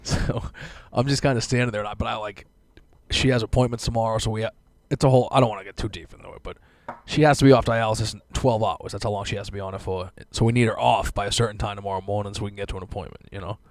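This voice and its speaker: A man's voice: on the low side, steady tone, rapid-fire, no echo. A young man hosting a casual podcast from home, a stand-up comic who laughs often and jokes crudely.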